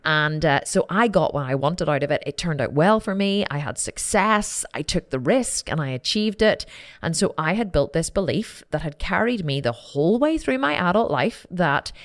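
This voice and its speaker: A woman hosting a podcast, telling a personal story in a candid, animated way, repeating phrases and swearing casually. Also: low voice, moderate pace. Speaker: podcast host.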